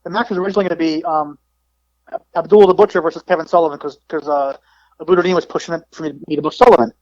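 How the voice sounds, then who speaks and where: A middle-aged man, a wrestling promoter, telling backstage stories in an animated way with frequent restarts. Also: a little high, rapid-fire, dry recording. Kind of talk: casual storytelling. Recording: dull, dry lo-fi audio.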